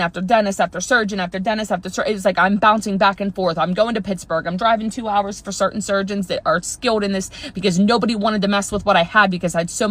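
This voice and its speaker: Woman, mid-pitched, teary, overwhelmed, rambling, earnest personal storytime. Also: a bit bright. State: on the verge of tears.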